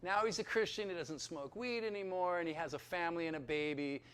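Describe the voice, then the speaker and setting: A man in his fifties telling his personal testimony to an audience in a chatty, animated way, often checking in with his listeners. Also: a little high, brisk, clean tone. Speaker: speaker giving a personal testimony. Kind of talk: lively storytelling testimony to an audience.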